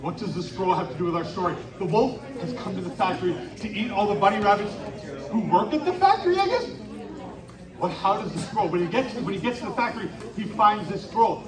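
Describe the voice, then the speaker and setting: Speaking a little fast, a high-pitched man hosts a lively children's storytelling show outdoors at a winter carnival, calling out to listeners and egging them on to shout. He's heard from a distance in an echoey space, with a chattering crowd around him.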